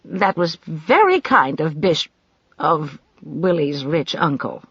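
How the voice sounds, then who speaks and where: An audiobook narrator voicing a polite, mild, drowsy older woman in a husky tone on a dull recording. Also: mid-range voice, big pitch swings, takes it slowly, a bit bright, no room sound, heavily acted.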